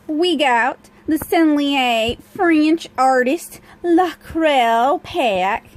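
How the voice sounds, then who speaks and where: A woman's voice: high-pitched, darkish tone, a little hiss or hum, low-quality recording. A woman voicing a fancy, syrupy Southern lady with a Southern accent and a sweet, exaggerated drawl, recorded on a handheld phone. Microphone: cell phone held in hand.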